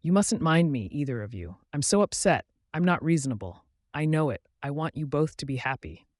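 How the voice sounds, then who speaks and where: A woman's voice: deep voice, sing-song, a little fast, a little mellow, dry recording, clean studio sound. A man voicing a reproachful, sobbing Scottish woman friend in an audiobook.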